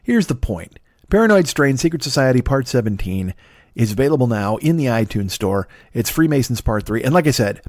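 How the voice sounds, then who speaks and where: A man's voice: medium pitch, no room sound, clean studio sound. Profane, self-mocking man in his fifties. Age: 50s. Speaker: podcast host. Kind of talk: rambling solo comedy podcast.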